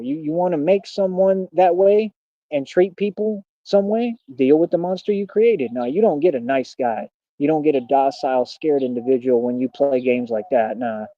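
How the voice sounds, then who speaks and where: A man's voice: on the high side, no echo. A young man ranting defiantly at his critics on a livestream, confrontational and full of street slang. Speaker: streamer. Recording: dull lo-fi stream audio.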